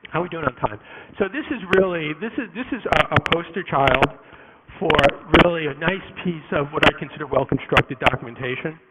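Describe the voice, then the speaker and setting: A man giving a live conference talk to an audience, animated and jokey, with quick asides and many restarts. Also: fairly high pitch, very noisy. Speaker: conference speaker. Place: conference room before an audience.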